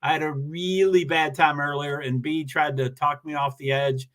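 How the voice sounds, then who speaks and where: Bright-voiced man rambling on a livestream. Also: on the high side, steady tone, moderate pace. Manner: rambling and self-deprecating, with many restarts. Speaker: livestream host reading viewer comments. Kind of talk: casual livestream chat.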